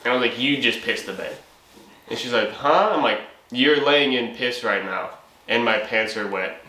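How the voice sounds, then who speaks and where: A young man hosting a channel tells a comic story casually, swearing, laughing and acting out his own lines. His mid-range voice has a sharp tone at normal speed, recorded in an echoey room with faint ambient noise.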